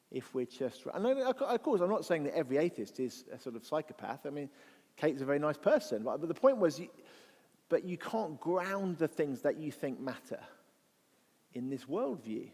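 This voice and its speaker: A man addresses a church audience as a guest speaker, offering a reflective apologetics talk in a conversational style full of rhetorical questions and restarts. His voice is mid-range and a little mellow, echoing with the long reverb of the big hall.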